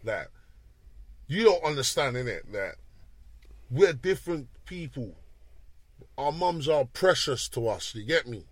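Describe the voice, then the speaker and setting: A young man, a guest telling a story in casual street slang, animated and quick to shift gears. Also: mid-range voice, no echo.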